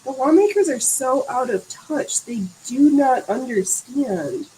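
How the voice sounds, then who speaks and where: A woman's voice: high-pitched, animated, measured pace, mellow, a little hiss or hum, rough recording. A woman hosting a live stream in casual chat, joking along with her guest. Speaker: livestream host.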